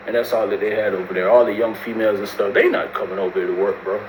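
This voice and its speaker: A man's voice: on the low side, steady tone, quick pace. A man casually telling a long prison story in slangy speech, acting out the voices of the people he quotes. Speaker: storyteller recounting prison life. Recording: roomy with faint background noise.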